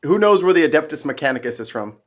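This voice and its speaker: A man's voice: fairly high pitch, big pitch swings, fast talker. A man hosting a casual livestream chat over a video call, playful and goofy, laughing often as he runs a points game. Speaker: host.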